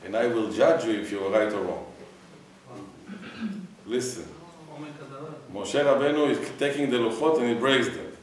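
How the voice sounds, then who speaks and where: A man's voice: medium pitch, normal speed, pauses often. A man, a rabbi, giving a Torah class and quizzing his students, mixing in Hebrew phrases. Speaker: rabbi teaching a weekly class. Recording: echoey room, mic far off.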